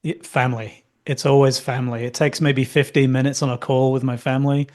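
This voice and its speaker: A man's voice: mid-range voice, level tone, brisk, few pauses, darkish tone. Male podcast guest, Northern English accent worn toward American, easygoing and self-mocking. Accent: Northern English softened toward American. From Northern England. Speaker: guest, company founder. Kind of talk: casual podcast interview.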